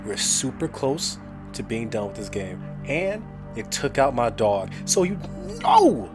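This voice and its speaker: Excitable young gaming host. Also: male voice, medium pitch, a little slow, over music. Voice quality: jumpy, exclaiming and talkative. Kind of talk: casual let's-play commentary.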